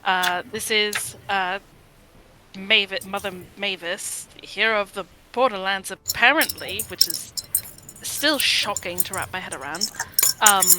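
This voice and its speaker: A woman playing a tabletop role-playing game, talking in an animated way with quick, laughing asides. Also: medium pitch, very noisy. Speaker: player. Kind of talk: casual tabletop role-play.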